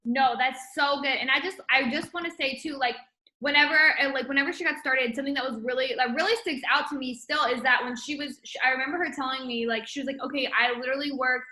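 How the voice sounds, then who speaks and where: A woman's voice: high-pitched, quick pace, pushed and bright, reverberant, poor audio. A woman hosting a casual motivational chat, encouraging and enthusiastic, with lots of fillers. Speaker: host.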